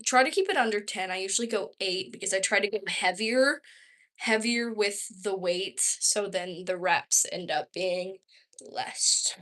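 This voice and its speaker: A woman's voice: medium pitch, a little slow, a bit bright. A young woman around twenty with a Southern accent, chatting casually on a livestream, rambling with lots of "like" and "um". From Texas, US. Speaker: vlogger.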